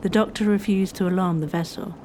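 Female history narrator, mellow tone, measured scripted storytelling, faint noise behind. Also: medium pitch, steady tone.

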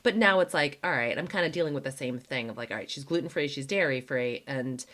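Low-voiced chatty woman podcast host. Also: quick pace, a bit bright. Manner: chatty, heavy use of "like", acts out quoted dialogue. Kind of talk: casual conversational storytelling.

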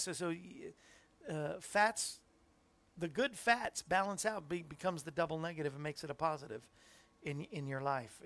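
A man's voice: on the high side, a bit bright. Chatty middle-aged male talk show host. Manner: chatty, rambling, talks to viewers in chat. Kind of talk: casual Christian talk show chat.

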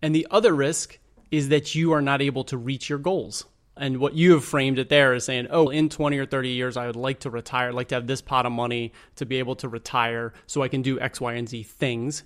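Male financial adviser, steady mid-range voice, calm patient explanations. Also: medium pitch, a little fast. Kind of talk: explanatory interview talk.

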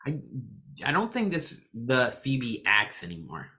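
A man co-hosting a podcast in relaxed conversation. His voice has a bright edge, and he often starts over mid-sentence. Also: mid-range voice, a little slow. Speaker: podcast co-host. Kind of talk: casual chat.

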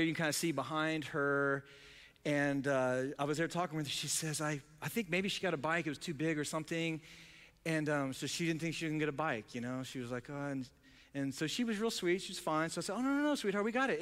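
Excited high-voiced pastor. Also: male voice, big-room sound. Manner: excited storytelling with many restarts. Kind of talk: sermon.

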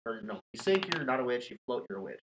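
A man's voice: mid-range voice, very animated, fast talker, fairly bright tone, low-quality recording. A man hosting a podcast, telling a scary story in casual, profane chat and laughing often. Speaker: podcast host.

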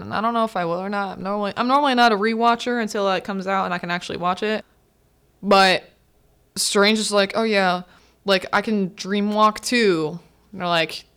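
A woman's voice: mid-range voice, a bit bright, smooth. A young woman hosting a student podcast, chatting casually and laughing as she recaps a film and acts out the characters' lines. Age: young adult. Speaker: podcast host.

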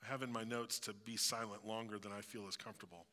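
A man preaching a conversational sermon, relaxed and reflective, acting out everyday phrases to make his point. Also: lowish voice, fast talker, heavy background noise. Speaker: pastor. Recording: long hall reverb.

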